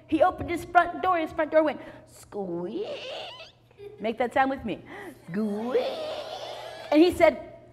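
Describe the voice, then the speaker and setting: A woman telling a children's story to a live audience, playful and animated, getting the kids to join in. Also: high voice, a little slow, pauses often, in a large hall.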